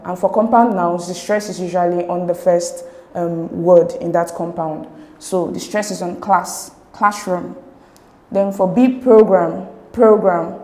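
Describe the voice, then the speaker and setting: A woman's voice: on the low side, warm tone, reverberant. A woman explaining exam answers step by step, methodical and repeating key words. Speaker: exam tutor.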